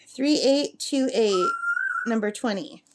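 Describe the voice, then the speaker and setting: Chatty middle-aged woman vlogging at a campsite, slightly high voice, faint background noise. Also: slow. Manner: chatty, reads out number codes, coos at her parrot. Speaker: craft vlogger. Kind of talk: casual chat while crafting.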